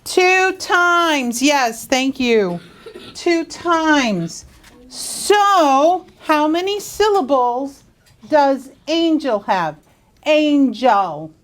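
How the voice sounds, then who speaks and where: A woman teaching young students phonics in a school classroom, drawing words out slowly and asking coaxing questions. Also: high-pitched, very animated, fairly bright tone. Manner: slow, drawn-out, coaxing questions.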